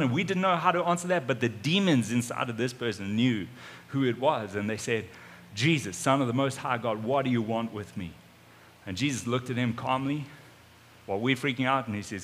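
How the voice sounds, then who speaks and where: A man preaching, retelling a story in the first person in an animated way, with sudden swings in loudness. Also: mid-range voice, brisk. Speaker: pastor. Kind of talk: storytelling sermon. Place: church auditorium.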